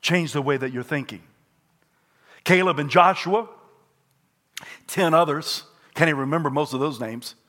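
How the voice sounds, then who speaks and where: An older man preaching a sermon, repeating his points and rising to shouted peaks. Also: fairly high pitch, normal speed, pauses often. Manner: repetitive and emphatic. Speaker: pastor.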